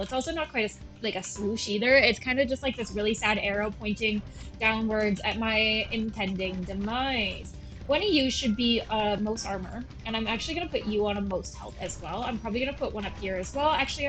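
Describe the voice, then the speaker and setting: A woman's voice: medium pitch, fairly bright tone, poor audio. A woman in her thirties with a Valley Girl voice, rambling and self-deprecating in casual gameplay commentary. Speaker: gameplay streamer. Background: faint game music.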